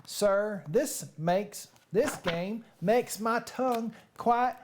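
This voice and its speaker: A woman's voice: mid-range voice, very slow, darkish tone, slight background noise. A woman voicing a flustered man who complains about tongue twisters, in a put-on Southern US accent and a whiny, protesting tone. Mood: complaining.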